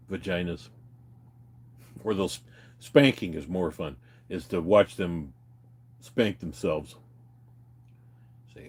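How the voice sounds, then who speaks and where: A middle-aged man rambling through crude, profane stories in a casual way, laughing often and mimicking other people. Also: sits low. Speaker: streamer telling stories.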